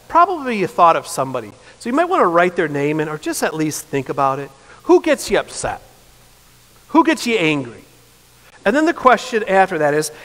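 A high-pitched man in his fifties preaches from the pulpit, his words ringing with a long church reverb. He is earnest, swelling into impassioned emphasis and then falling quiet and soft. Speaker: pastor. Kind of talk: sermon. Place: church sanctuary.

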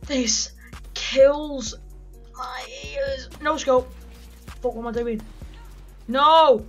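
A teenage boy giving excitable gaming commentary, yelping and swearing freely as he plays. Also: very high-pitched, drawn-out words, long pauses, highs cut off, faint music behind. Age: teens. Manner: excitable, loud, swears a lot, yelps in pain. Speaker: gaming YouTuber.

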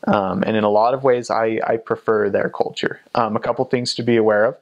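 A man's voice: fairly low pitch, fairly even intonation, brisk, muffled recording. A young man and former missionary in casual interview talk, chatty, with frequent ums and restarts.

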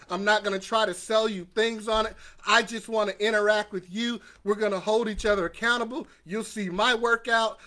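A high-pitched man with a bright, ringing voice hosts a live motivational session. He speaks energetically, calls out viewers by name and leads them through repeated affirmations. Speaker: host of a weekly motivational livestream. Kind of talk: upbeat motivational live talk.

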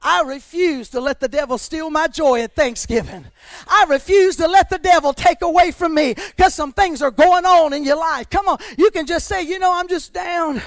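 A woman pastor preaching a sermon with passion, often shouting and then dropping to a hush. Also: very high-pitched, normal speed, no echo. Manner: impassioned preaching, often shouting, swings between loud and hushed.

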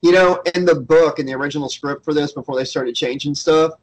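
A man in a loose, chatty movie commentary, dropping trivia about the film between jokes. His voice sits a bit higher than most men's. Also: a little fast, rough recording. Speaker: riff commentary co-host. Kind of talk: casual riffing movie commentary.

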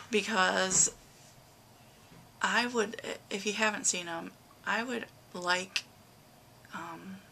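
A woman's voice: fairly low pitch, vocal fry, bright, forceful tone, slight background noise. A middle-aged woman giving a rambling, emotional personal update in her vlog, with lots of fillers. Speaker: vlogger.

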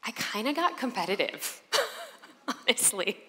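A woman speaker from Chicago telling a personal story in an animated way to a live audience, acting out the voices of people in it. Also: on the high side, a little slow, slight background noise. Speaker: motivational speaker. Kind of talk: storytelling keynote talk. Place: large event hall on stage. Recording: long reverb of a large hall.

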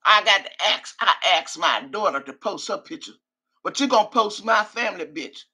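A woman's voice: mid-range voice, animated, normal speed, pushed and bright, slightly rough. An older woman hosting a live stream, reading viewer comments and then launching into an angry, profane rant. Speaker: livestream host. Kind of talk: live reaction stream, reading chat and ranting.

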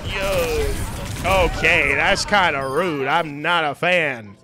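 Male streamer, high-pitched, excitable running commentary while playing. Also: slow pace, over music. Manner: excitable, jokey, repeats phrases. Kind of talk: live gameplay commentary.

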